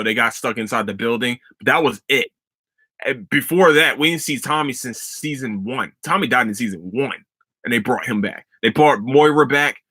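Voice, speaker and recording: Young man, podcast host, bright forceful voice, dry close sound, swearing, rambling, excitable. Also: medium pitch, no echo. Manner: profane, excitable, rambling with frequent restarts. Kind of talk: casual solo podcast rant.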